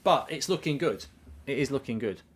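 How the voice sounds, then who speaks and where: A man hosting a live football watchalong, chatting casually, telling stories and reading out viewer messages with swearing and lively asides. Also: medium pitch, normal speed. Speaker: live stream host reading super chats.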